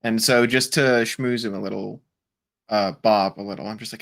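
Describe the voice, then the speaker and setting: A male player at a tabletop session, speaking casually and haltingly and filling pauses with "like" and "you know". His voice sits fairly low. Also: steady tone, creaky, a bit bright. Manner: casual, hesitant, lots of fillers. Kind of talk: tabletop role-play chat.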